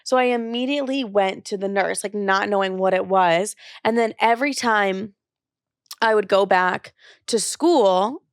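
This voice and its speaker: A woman's voice: mid-range voice, a little slow, clear, resonant tone, no echo, clean studio sound. A young woman hosting her own podcast, talking in a casual, confessional way, swearing, joking and filling her speech with "like". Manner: chatty and profane, joking, heavy use of "like". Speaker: podcast host.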